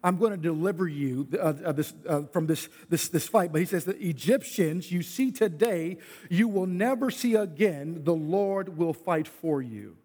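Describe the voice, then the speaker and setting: Male pastor preaching loud, high voice, keeps saying listen listen, big echoey hall. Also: moderate pace. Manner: preaching with loud yelling bursts, repeats "listen". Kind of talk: sermon.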